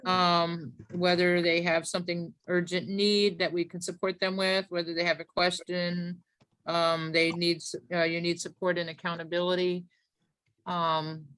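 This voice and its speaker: A woman's voice: on the low side, fairly bright tone, dry recording. A woman from South Florida hosting a casual online group call, chatty and full of fillers and restarts.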